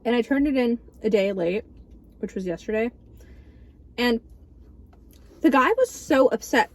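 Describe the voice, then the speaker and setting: Sarcastic young woman vlogger, higher voice. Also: lively intonation, unhurried. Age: early 20s. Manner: sarcastic, dramatic storytelling. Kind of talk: casual mukbang chat.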